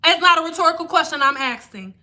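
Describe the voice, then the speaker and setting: A woman's voice: extremely high pitch, lively intonation, fast, sharp tone. A young woman hair stylist ranting on a live stream, blunt, sarcastic and profane. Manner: mocking impressions of viewers.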